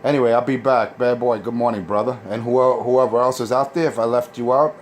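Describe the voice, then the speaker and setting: A man's voice: mid-range voice, fairly even intonation, fairly quick. Boastful man ranting over CB radio. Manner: boastful, repetitive, trash-talking. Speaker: CB radio operator. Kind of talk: CB radio on-air rant. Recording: CB radio transmission with faint noise.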